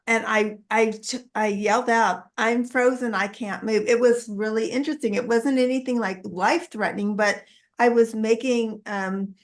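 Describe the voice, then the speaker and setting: A woman with a somewhat high voice speaks in a casual meeting conversation. She tells a personal story in a reflective, open way.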